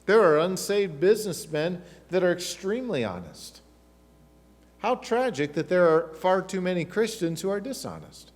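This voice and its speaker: A middle-aged pastor preaches with emphatic questions and conversational asides. His voice sits high for a man. It rings with the long reverb of a church hall. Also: big pitch swings, moderate pace. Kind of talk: sermon. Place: church sanctuary.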